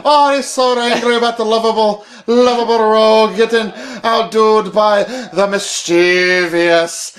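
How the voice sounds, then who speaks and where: A man's voice: high-pitched, steady tone, unhurried, hardly any pauses, a bit bright. A man putting on a folksy old-man voice with an accent, drawling and taunting. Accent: put-on accent.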